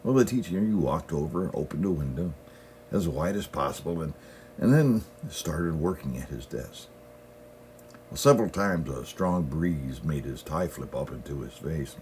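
A man's voice: very deep voice, animated, moderate pace, darkish tone, a little hiss or hum. A middle-aged male pastor giving a sermon in a folksy storytelling manner, often opening his sentences with "well".

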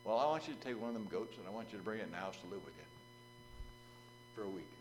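A man voicing a calm, knowing rabbi who gives matter-of-fact advice. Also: fairly low pitch, very fast, over music, voice pushed down.

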